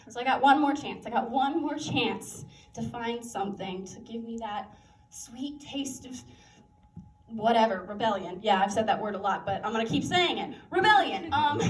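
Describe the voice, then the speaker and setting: A young woman performing a chatty, self-mocking stand-up set on a campus coffee house stage, full of fillers and laughter. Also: fairly high pitch. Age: young adult. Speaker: stand-up comic. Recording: echoey room, heard from a distance.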